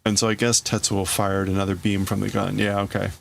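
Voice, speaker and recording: A man's voice: on the low side, flat delivery, brisk, vocal fry, a little hiss or hum. A man hosting a live stream who reads and translates a comic while thinking aloud, with hesitant restarts. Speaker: livestream host. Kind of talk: casual live reading and translating.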